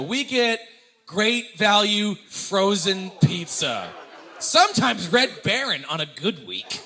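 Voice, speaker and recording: A man performing stand-up comedy in an animated, self-mocking way, speaking straight to the audience. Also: high voice.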